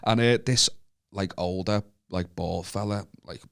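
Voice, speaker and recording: A man's voice: low voice, unhurried, creaky, a bit bright, smooth. A man with a Scouse accent, co-hosting a comedy podcast and telling a rambling anecdote full of restarts and swearing. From Merseyside, England. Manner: swears freely, rambling with restarts, laughs often. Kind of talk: casual storytelling chat.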